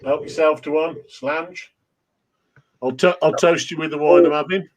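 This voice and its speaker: A man's voice: a little high, steady tone, moderate pace. A middle-aged man with an English accent, chatting casually with friends, swearing freely and laughing often as he tells stories. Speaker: host of a chat stream. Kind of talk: casual chat among friends.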